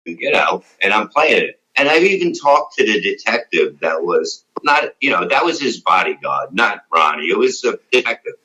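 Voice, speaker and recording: A man's voice: fairly low pitch, big pitch swings, normal speed, pushed and bright, low-quality recording. A middle-aged man being interviewed, telling blunt, profane, rambling stories about his radio days. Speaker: interview guest, former radio show staff. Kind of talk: casual interview.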